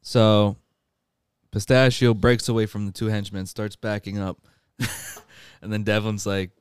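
A man on a podcast slowly retells a movie plot in casual chat, breaking into laughter and acting out the characters' lines. His voice is smooth and clear, recorded dry and close. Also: on the low side, level tone, no room sound. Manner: laughs often while recounting, acts out quoted lines. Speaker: podcast host.

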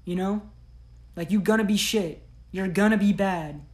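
A woman's voice: mid-range voice, moderate pace, a little mellow. A woman hosting a solo podcast, giving blunt, profane, slang-heavy tough-love talk. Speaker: podcast host.

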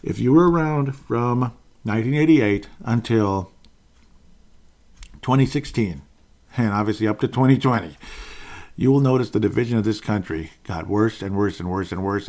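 A man's voice: lowish voice, darkish tone. A man in his forties giving a casual, rambling, opinionated political monologue, chuckling often. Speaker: political commentator.

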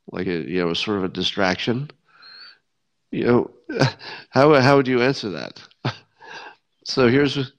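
A man hosting a podcast in casual solo commentary, wry and sardonic, often restarting sentences. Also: on the low side. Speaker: podcast host. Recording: dull lo-fi sound.

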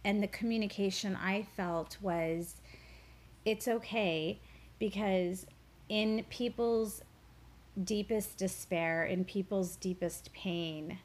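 Woman guest, spiritual teacher, reflective interview storyteller, earnest, mid-range voice, halting repeats. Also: medium pitch, fairly even intonation, darkish tone.

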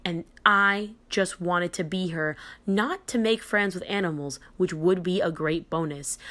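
A young adult woman with a slightly low-pitched voice hosts a podcast, telling a personal story in a loose, chatty way. She gets animated and excitable as she goes, stumbling into restarts and leaning on dramatic pauses. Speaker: podcast host. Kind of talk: casual storytelling.

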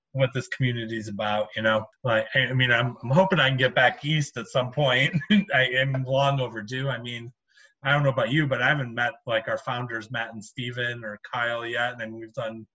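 Flat-voiced man on dull call audio. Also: mid-range voice. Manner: halting, laughing, trailing off. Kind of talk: casual podcast chat.

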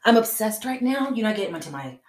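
A woman's voice: on the high side, sing-song, fast. A woman co-hosting a casual live podcast, laughing often and swearing freely as she talks. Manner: laughs a lot, loose and profane. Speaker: podcast co-host. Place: room at home, pouring tea. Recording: echoey room.

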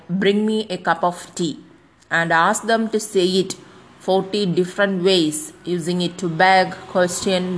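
Woman lecturer, slightly low voice, reads then explains, unhurried with fillers. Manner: reads passages aloud, then explains them with pauses and fillers. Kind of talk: classroom lecture explaining a read text.

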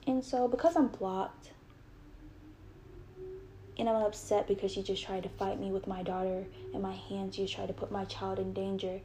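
A woman's voice: mid-range voice, little pitch movement, moderate pace, mellow, a little hiss or hum. A young adult woman telling a personal story with earnest, heated retelling and quoted dialogue.

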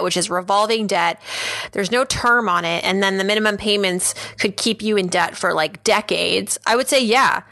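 A woman's voice: medium pitch, sharp tone, no echo. A woman hosting a podcast, giving casual personal finance advice and thinking aloud with restarts. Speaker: podcast host.

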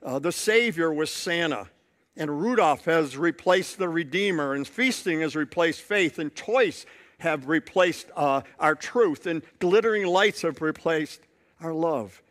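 Male pastor, high voice, sermon, storytelling, repeated emphasis. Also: lively intonation, unhurried, a bit bright.

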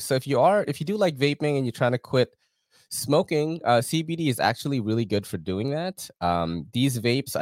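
A man's voice: medium pitch, dry recording, studio quality. A man hosting a podcast, reading sponsor ads in a casual, slangy, profane way. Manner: slangy, profane and laid-back, laughs often. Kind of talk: casual chat.

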